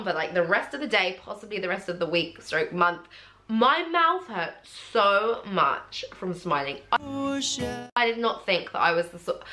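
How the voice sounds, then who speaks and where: A young woman talks casually to the camera, retelling a personal story. Her pitch swings widely, leaping up high whenever she acts out what someone said. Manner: animated, acts out quotes in a jumpy high voice. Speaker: vlogger.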